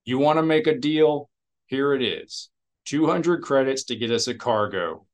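Han, a wry, impatient starship captain who talks in a dry, bargaining manner and pushes to get his way , as a man reading aloud plays him. He keeps an unhurried, deliberate edge. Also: mid-range voice, lightly acted.

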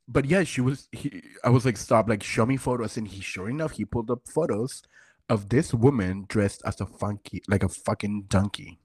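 A man's voice: on the low side, normal speed, husky, no echo. A tipsy man co-hosting a podcast, telling stories with lots of "like," swearing and giggles. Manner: animated storyteller, frequent "like" and swearing, giggly. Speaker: podcast co-host. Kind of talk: casual chat.

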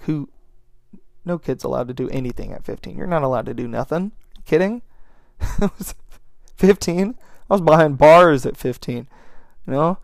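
A man's voice: medium pitch, gravelly, no echo, studio quality. A young man hosting a podcast, telling a casual, rambling story and swearing freely. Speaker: podcast host.

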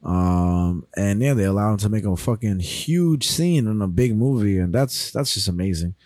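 A man's voice: lowish voice, lively intonation, normal speed, darkish tone, dry recording, studio quality. A young man co-hosting a podcast in loose casual chat, swearing freely and laughing often. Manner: loose, profane, laughs a lot. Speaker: podcast co-host.

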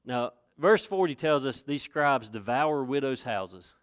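A man's voice: mid-range voice, animated, measured pace, clean tone. A man preaching a sermon in a folksy, conversational way, rising to emphatic points. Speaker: pastor.

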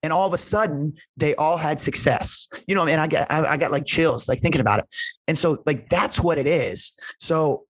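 A man's voice: on the high side, normal speed, dry recording. A man, a strength coach, telling stories in casual conversation, rambling with lots of "like" and "right?", earnest and emotional. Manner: rambling, heavy use of "like" and "right?".

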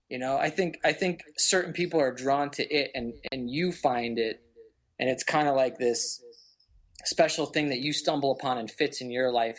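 A man's voice: medium pitch, a bit bright. A man in his thirties, a guest on a casual podcast interview, talking hesitantly with frequent stammered restarts. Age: 30s. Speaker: podcast guest, band guitarist.

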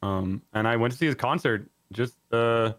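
A man co-hosting a casual podcast, relaxed and easygoing. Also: mid-range voice, moderate pace, dry recording, studio quality. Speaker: podcast co-host.

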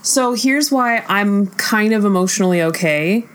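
A young woman chatting casually about a film, relaxed and matter-of-fact as she reasons things out. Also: medium pitch, unhurried, slight background noise.

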